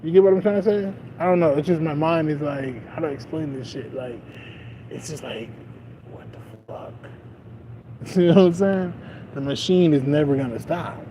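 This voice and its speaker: A man's voice: fairly high pitch, normal speed, warm tone. A young man streaming, talking in a loose, profane, rambling way with lots of fillers, outdoors by a street with traffic. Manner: rambling and profane, often laughing, many fillers. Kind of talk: casual rambling monologue.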